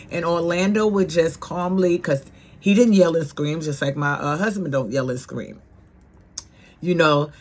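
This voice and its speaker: A middle-aged woman from New York City with a New York accent, telling her viewers a family story in a blunt, animated, profane way. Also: on the low side. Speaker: vlogger.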